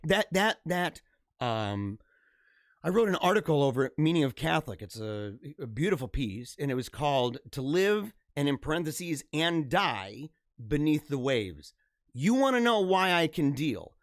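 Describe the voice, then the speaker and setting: A man's voice: a little high, sing-song, normal speed, no echo, clean studio sound. Fervent slangy man on a live stream. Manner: fervent, slangy, emphatic repetitions. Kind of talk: casual live chat reading viewer comments.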